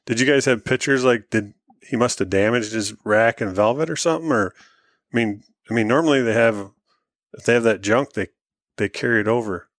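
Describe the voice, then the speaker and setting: A man's voice: mid-range voice, a little fast, dry recording. A man hosting a podcast, asking probing questions and thinking aloud. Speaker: podcast host.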